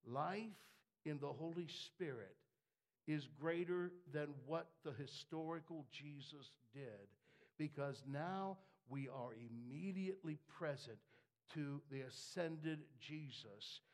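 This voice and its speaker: Gravelly preacher guy, slow and dramatic, voice jumps all over from hush to shout. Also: a little high, expressive. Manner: swings from hushed asides to shouted fervor. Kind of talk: sermon.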